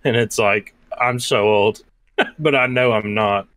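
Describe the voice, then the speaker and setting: A man's voice: on the low side, takes it slowly, fairly bright tone, no room sound. A man in his twenties co-hosting a podcast, answering in a hesitant, casual way with many fillers. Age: 20s. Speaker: podcast co-host.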